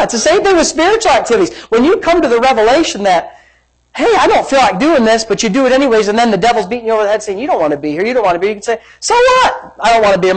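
A pastor preaching to a church congregation, energetic and emphatic, repeating phrases and asking rhetorical questions. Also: medium pitch, breathy edge, rough recording. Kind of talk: sermon. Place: church service.

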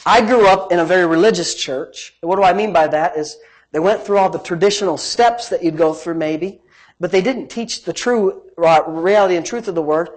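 A middle-aged man preaching a sermon as pastor, animated, moving between quiet asides and emphatic rising lines. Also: high-pitched, moderate pace, low-quality recording.

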